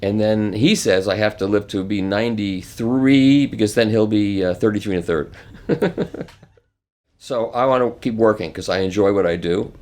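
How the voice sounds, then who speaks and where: A man in his seventies telling stories in an interview, animated and chuckling as he acts out other people's lines. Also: on the low side, moderate pace. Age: 70s. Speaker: interview guest. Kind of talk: casual anecdotal storytelling.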